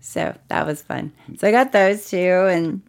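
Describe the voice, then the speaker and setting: A woman's voice: on the low side, a little slow, creaky. A woman co-hosting a podcast, telling stories in casual, profane chat and acting out quotes. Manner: chatty, profane, acts out quotes. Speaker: podcast co-host.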